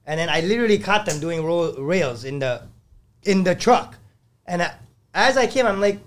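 A man who owns a construction company, telling stories in a lively, profane way on a casual podcast. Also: high voice, moderate pace. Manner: animated, profane storytelling.

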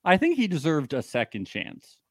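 A man's voice: fairly high pitch, huge pitch swings, normal speed, dry recording, studio quality. A young man co-hosting a casual podcast, telling stories with lots of filler words and frequent laughter. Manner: rambling storyteller, heavy use of "like", laughs often. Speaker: podcast co-host. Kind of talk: casual chat.

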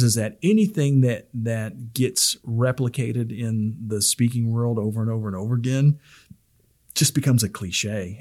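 A man's voice: fairly low pitch, a little mellow. A middle-aged man hosting a podcast on public speaking, talking in a rambling, casual way full of restarts and fillers.

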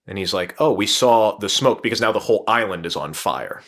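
Man, lower register, casual podcast chat, animated storyteller who quotes the characters. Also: fairly quick. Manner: animated, laughs often, acts out quotes. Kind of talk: casual chat retelling a book.

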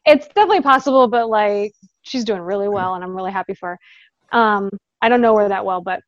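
A woman's voice: mid-range voice, dry recording, dull audio. A woman guest talking casually in an interview, chatty, with frequent laughs and fillers, over a video call.

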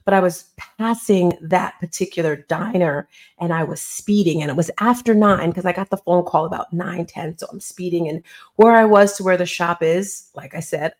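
A woman's voice: on the low side, brisk, darkish tone. A middle-aged woman, an interview guest and author, earnestly retelling a personal story in a conversational way and acting out the dialogue.

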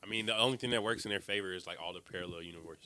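A man's voice: low-pitched, very fast, pushed and bright, slight background noise. A man co-hosting a casual podcast, dropping blunt, teasing quips. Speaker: podcast co-host. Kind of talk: casual chat.

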